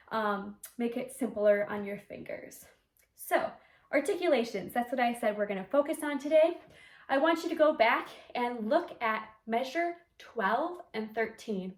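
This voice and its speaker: High-voiced woman teaching flute, echoey room. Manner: clear step-by-step explaining, sings articulation syllables. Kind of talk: instrumental music lesson.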